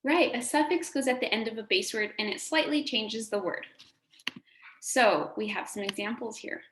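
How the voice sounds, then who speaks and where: A woman's voice: a little high, moderate pace, a bit bright. A woman teacher giving a recorded phonics lesson to a class, encouraging and sing-song, drawing out words for the children to repeat. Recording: echoey room, faint background noise.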